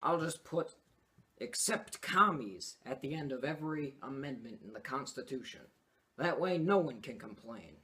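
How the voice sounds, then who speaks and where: A man's voice: medium pitch, lively intonation, moderate pace, sharp tone, slight background noise. A man playing a bossy, scheming male president who talks in a blustering, dismissive way.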